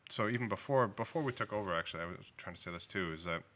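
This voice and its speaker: New england guy, low voice, talks quick, laughs a lot, chatty interview. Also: fairly bright tone. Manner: laughs easily, acts out quoted dialogue. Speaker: liquor store owner, guest. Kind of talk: casual interview storytelling.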